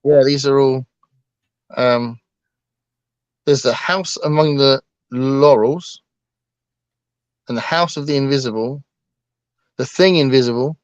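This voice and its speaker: A man's voice: medium pitch, takes it slowly, long pauses, no room sound, highs cut off. A man co-hosting a casual book livestream, talking hesitantly with lots of ums and restarts. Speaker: book channel co-host.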